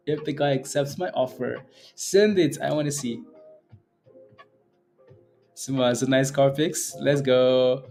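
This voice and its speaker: Slow-talking man hosting a trading stream. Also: medium pitch, fairly even intonation, vocal fry, a little mellow, soft background music. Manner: playful, laughs often, greets chat viewers by name. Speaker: day-trading livestream host. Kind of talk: casual livestream chat with viewers.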